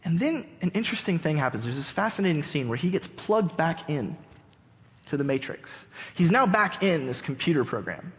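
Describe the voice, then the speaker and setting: Animated male pastor in a reverberant church. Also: a little high, normal speed. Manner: animated storyteller, acts out characters. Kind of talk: sermon. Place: church sanctuary. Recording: long church hall reverb.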